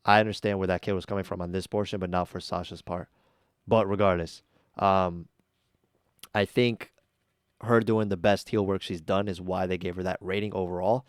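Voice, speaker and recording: A man's voice: sits low, smooth, no echo, clean studio sound. A man hosting a casual reaction video, giving blunt, chatty opinions with plenty of ums and uhs. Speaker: YouTube reaction host.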